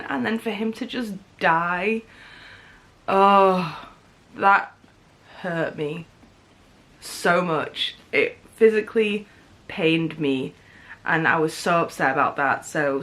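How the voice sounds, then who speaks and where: A woman's voice: mid-range voice, a bit bright. A young woman in her twenties chatting casually at home in a book vlog, gushing and full of fillers. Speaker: book vlogger. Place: home, in pajamas.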